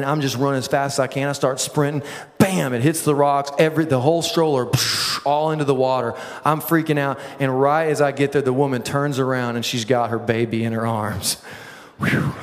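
A man preaches a sermon, telling comic stories about himself and then turning to scripture. His delivery moves from relaxed and joking to earnest and rising. His voice carries a long reverb from a large hall. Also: mid-range voice. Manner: humorous storytelling preaching. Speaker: pastor.

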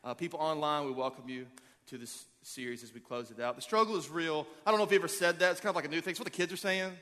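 A man in his thirties, a pastor preaching a sermon, energetic and joking as he rallies the crowd. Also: a little high, fast talker. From Arkansas. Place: large church auditorium. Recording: long hall reverb.

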